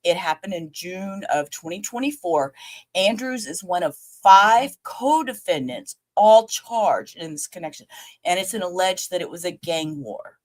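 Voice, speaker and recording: Low-voiced lady rambling to her chat on a late night stream, casual and a bit all over the place. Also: animated, unhurried. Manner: rambling, chatty, talks straight to viewers, casual swearing. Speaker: livestream host reviewing a trial. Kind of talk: casual livestream commentary.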